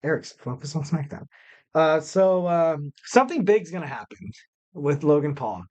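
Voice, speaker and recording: A young man hosting a wrestling podcast alone speaks at normal speed in an expressive voice that sits on the high side with a darkish tone. His loose chat meanders, is full of fillers, and features bits of self-mockery.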